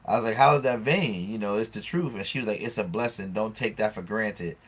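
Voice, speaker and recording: A man's voice: lowish voice, brisk, slightly rough. A man co-hosting a casual podcast, animatedly retelling an argument with plenty of swearing and acting out both sides. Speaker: podcast co-host. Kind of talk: casual chat.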